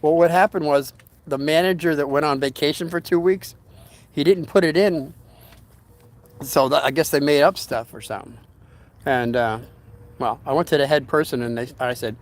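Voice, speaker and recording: A man's voice: fairly high pitch, normal speed. An older man hosting a casual storytelling livestream, rambling in a folksy way and greeting viewers by name as he reads their comments.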